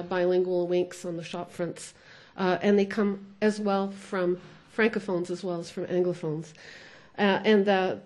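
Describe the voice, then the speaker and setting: A woman giving a conference lecture as a sociolinguist, thoughtful, often pausing with "uh" and slipping between English and French. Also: mid-range voice, a little mellow.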